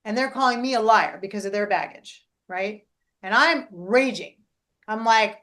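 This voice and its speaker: Middle-aged female coach and host, casual chat, animated, tags lines with "right?", mid-pitched. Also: moderate pace. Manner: animated, keeps adding "right?". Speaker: life coach and podcast host.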